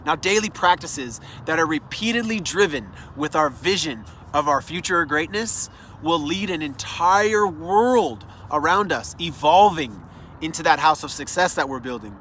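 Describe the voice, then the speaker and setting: Bright-voiced man giving motivational advice. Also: on the high side, lively intonation, measured pace, slight background noise. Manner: earnest, encouraging, speaks straight to the listener. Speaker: self-development speaker. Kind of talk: motivational monologue.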